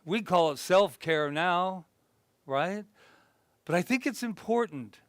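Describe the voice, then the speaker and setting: A male minister preaching in a loose, conversational way to his congregation, with a voice a touch higher than most men's. He jokes at his own expense, then eases into quiet, thoughtful passages. The sound is close and dry, with no room ring. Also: slow pace, no echo. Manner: animated and chatty, then drops soft and reflective; self-deprecating humor. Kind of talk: conversational sermon. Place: spiritual center gathering.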